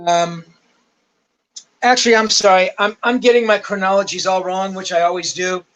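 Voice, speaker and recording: High-voiced older man telling stories. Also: steady tone, moderate pace, fairly bright tone, low-quality recording. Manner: rambling, swears freely, laughs at his own stories. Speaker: rock journalist guest. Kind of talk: casual anecdotal storytelling.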